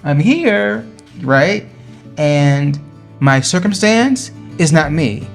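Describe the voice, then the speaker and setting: A man's voice: a little high, expressive, extremely slow, vocal fry, soft background music. A man earnestly talking through personal affirmations in a motivational vlog, encouraging and emphatic. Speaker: vlogger sharing affirmations. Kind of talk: motivational talk to camera.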